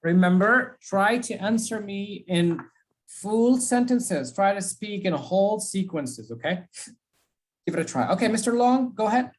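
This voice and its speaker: A woman's voice: medium pitch, expressive, unhurried. A woman teaching an English speaking class, giving students prompts and drilling pronunciation by repeating words.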